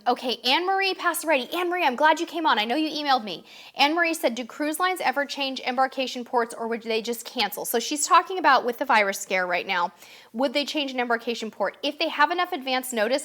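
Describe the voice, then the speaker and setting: A woman's voice: sits high, fairly bright tone. A woman hosting a casual live stream, upbeat and chatty, reading out viewers' questions and answering them. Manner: chatty, upbeat, reads comments aloud.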